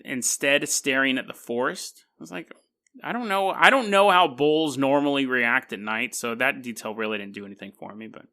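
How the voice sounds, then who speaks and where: A man with a high, animated voice rambles through a story on his podcast. His tone is bright and keen, and his delivery is wry and skeptical, with laughing asides. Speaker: podcast host. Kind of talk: casual storytelling monologue.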